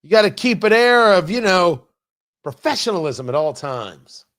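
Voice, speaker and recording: A man's voice: high voice, very animated, normal speed, fairly bright tone. A man hosting a talk radio show, delivering an opinionated monologue with sarcastic, mocking asides from his studio.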